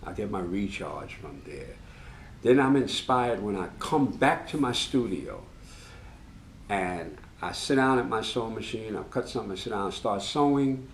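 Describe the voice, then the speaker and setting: A man, a tailor co-hosting a casual chat from his sewing studio, talking in an earnest, reflective way that often drops soft and low. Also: animated, normal speed. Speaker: tailor and co-host. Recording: roomy studio with faint hiss.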